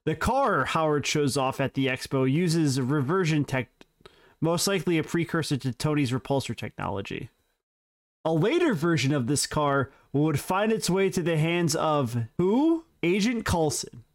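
A man with a fairly high, animated voice speaks at a normal speed. Co-hosting a podcast, he presents trivia, reading prepared facts in casual, joking banter with his co-host.

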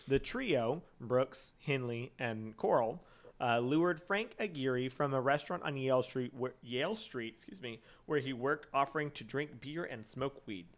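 Man rambling through a crime story. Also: medium pitch. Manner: rambling, many fillers, laughs often. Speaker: podcast co-host telling a true crime story. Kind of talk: casual storytelling chat.

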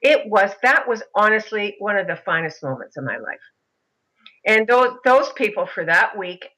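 A middle-aged woman, a mother of a son with a disability, telling her story in an interview in an animated way. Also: mid-range voice, normal speed, highs cut off. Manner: animated, mimics other voices in anecdotes.

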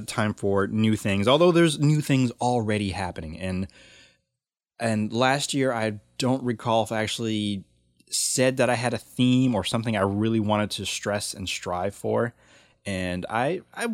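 A man's voice: medium pitch, dry recording, clean studio sound. A man hosting his own podcast, talking casually and rambling with lots of fillers and restarts. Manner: rambling and chatty, with many fillers and self-corrections. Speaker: podcast host. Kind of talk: casual solo podcast chat.

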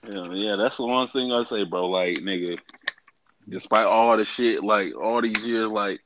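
A man's voice: on the low side, unhurried, a bit bright, muffled recording, slight background noise. A man in casual chat, laid-back and joking. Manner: laid-back, laughing banter.

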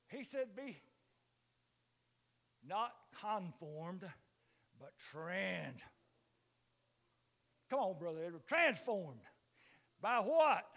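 An older man preaching a sermon in a church, moving from low, quiet stretches to loud, impassioned calls.

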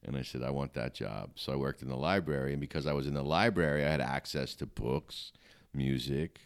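A man's voice: very deep voice, steady tone, fairly quick, clean tone. A middle-aged man, a comedian guest, telling blunt, matter-of-fact stories in casual chat.

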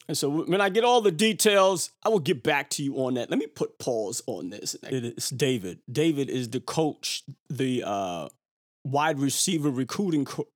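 A man hosting a podcast, chatting casually in an animated, rambling way with lots of fillers. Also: on the high side. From Brooklyn. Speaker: podcast host. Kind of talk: casual chat.

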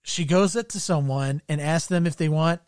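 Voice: mid-range voice, normal speed, darkish tone, clean tone, no room sound, clean studio sound. A co-host recapping a show in casual chat, rambling and swearing freely. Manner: rambling, profane storytelling with frequent "like" and restarts. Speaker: podcast co-host.

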